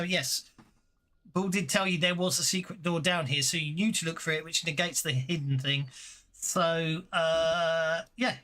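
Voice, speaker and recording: A game master reading out scene descriptions and rulings with a bright, ringing tone. The pitch moves a great deal, and the talk keeps pausing for self-corrections. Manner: chatty, stops to correct themself. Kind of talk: narrating a tabletop game.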